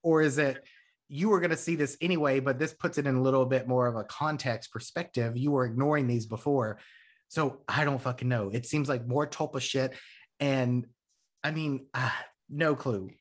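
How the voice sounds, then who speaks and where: Excitable, profane male podcast host. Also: medium pitch, moderate pace. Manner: rambling, profane, excitable storytelling. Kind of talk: casual chat.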